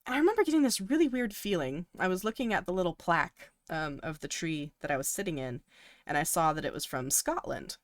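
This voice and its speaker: Young woman podcast host, kinda low voice, lots of um and like, super dry sound. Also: lively intonation, a little fast, no room sound. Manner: rambling, many ums and likes, laughs often. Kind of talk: casual chat, storytelling.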